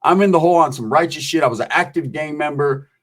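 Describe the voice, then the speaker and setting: A man's voice: a little high, quick pace. A man hosting a show, telling prison stories casually, profane and streetwise. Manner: profane, streetwise, acts out voices in quotes. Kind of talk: casual storytelling.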